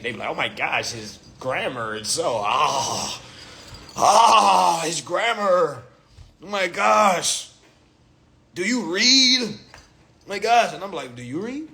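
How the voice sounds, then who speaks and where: A man holding forth on a phone livestream, his voice sitting a bit high and swinging widely up and down as he rants. He talks in loose, profane street slang and keeps slipping into acted-out exchanges. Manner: animated, profane street slang, acts out little dialogues. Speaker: host of a livestream. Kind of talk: casual livestream rant.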